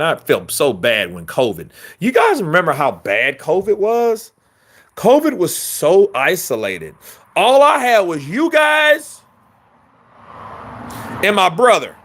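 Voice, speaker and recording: Animated, rambling man chatting with viewers. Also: sits high, slow, long pauses. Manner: loose, profane, rambling street talk; answers viewer questions, acts out quotes with voice shifts. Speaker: boxing commentary host. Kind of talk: casual chat with viewers.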